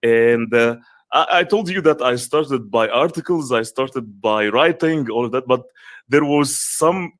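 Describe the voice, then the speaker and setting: A man's voice: mid-range voice, a little slow, fairly bright tone, no room sound. Emphatic man with an Arabic accent. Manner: earnest, emphatic, with frequent restarts. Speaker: guest speaker, coach. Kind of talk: online summit interview.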